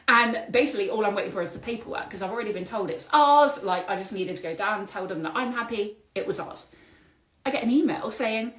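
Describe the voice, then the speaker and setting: A woman hosting a solo podcast, telling a story in an animated, exclamatory way with spiritual vocabulary. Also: mid-range voice, fast, echoey room, low-quality recording. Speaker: podcast host.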